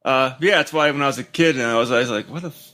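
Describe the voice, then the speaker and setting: A man on a podcast, rambling through jokes in loose, casual chat. His voice is bright and crisp, sitting at a middle pitch. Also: quick pace. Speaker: podcast co-host.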